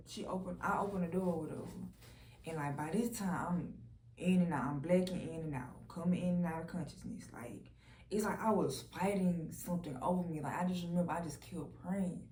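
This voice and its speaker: A woman's voice: fairly low pitch, darkish tone, slight background noise. A young woman candidly telling her personal testimony in a casual, storytelling way, swearing freely and filling her speech with "like". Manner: candid, profane, lots of "like" fillers. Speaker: vlogger sharing a personal testimony. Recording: roomy echo.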